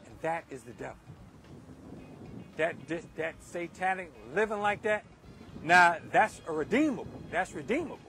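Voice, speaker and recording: A man's voice: sits high, very animated, normal speed, gravelly, long pauses, bright, forceful tone. A man giving an emphatic, repetitive moral talk outdoors in a windy park. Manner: emphatic and repetitive, driving points home. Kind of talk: off-the-cuff preaching monologue.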